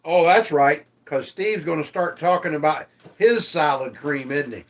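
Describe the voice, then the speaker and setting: A man's voice: on the high side, lively intonation, unhurried. A man hosting a casual livestream, reading viewer comments aloud and teasing them, swearing freely. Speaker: livestream host.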